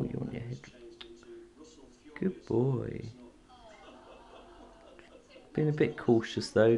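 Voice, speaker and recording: A woman filming her parrot at home, cooing to it in a sing-song baby-talk voice that jumps high, then chatting plainly to the camera. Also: mellow. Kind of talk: casual home video chat. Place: at home beside a bird cage.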